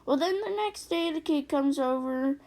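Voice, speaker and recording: A woman telling a personal story in a casual storytime narration, animated and acting out the quotes. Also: sits high, normal speed.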